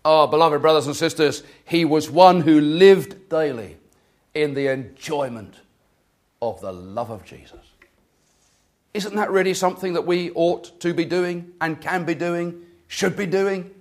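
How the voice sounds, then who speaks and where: A man preaching an earnest sermon, repeating phrases and restarting, swelling louder then dropping low. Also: a little slow.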